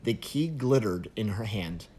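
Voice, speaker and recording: A woman reading a children's picture book aloud with expressive storytelling. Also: rumbling low, a little slow, breathy edge. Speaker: guest story reader.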